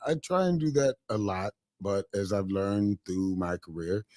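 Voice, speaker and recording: A man talking casually on a podcast and then reading his own spoken word poem in a measured, reflective way. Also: fairly low pitch, expressive, a little mellow, no room sound, studio quality. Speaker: poet and podcast guest.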